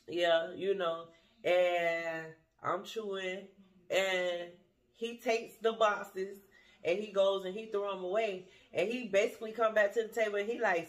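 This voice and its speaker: A woman vlogger telling a dating story to her viewers in a blunt, profane, laughing way. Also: medium pitch.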